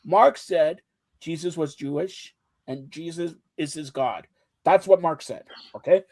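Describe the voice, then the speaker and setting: Male talk-show host, high-pitched, brash joker, dry close mic. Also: unhurried, no room sound. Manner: loud, joking, teasing. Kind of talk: casual sports talk banter.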